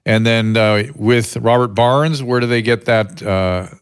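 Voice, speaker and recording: A man's voice: mid-range voice, fairly even intonation, a little slow, clear, resonant tone, no echo. Man, podcast host, conversational, rhetorical questions, incredulous, dry close sound. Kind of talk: conversational interview.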